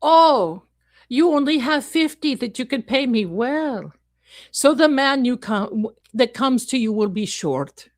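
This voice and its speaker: A woman's voice: high voice, animated, takes it slowly, no echo. A woman voicing a greedy woman fortune teller who runs a scam, with wheedling sales patter and broken grammar. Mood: haggling. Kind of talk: comic improvised role-play.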